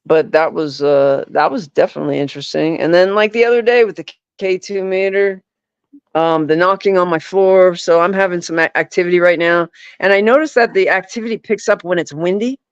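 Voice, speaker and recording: Rambling man, smooth voice, lo-fi sound. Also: high voice, a little fast, no room sound. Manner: rambling, full of "like" and "you know". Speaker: podcast guest, paranormal investigator. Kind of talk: casual chat. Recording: dull, lo-fi, dry.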